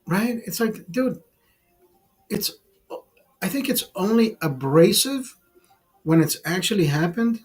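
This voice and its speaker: A man's voice: sits high, expressive, unhurried, long pauses. Profane man rambling on a livestream. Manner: profane, rambling, laughs at his own jokes. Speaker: livestream host. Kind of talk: casual livestream chat. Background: bar setting.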